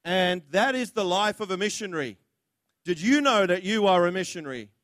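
A man's voice: sits high, expressive, fairly quick, a bit bright, no room sound, clean studio sound. A man preaching a sermon, blunt and impassioned, acting out the words of others as he goes.

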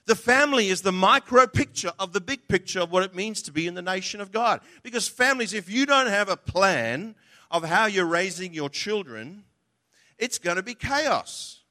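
A man's voice: high-pitched, lively intonation, moderate pace, bright, forceful tone. A man preaching a sermon emphatically, acting out the voices he quotes.

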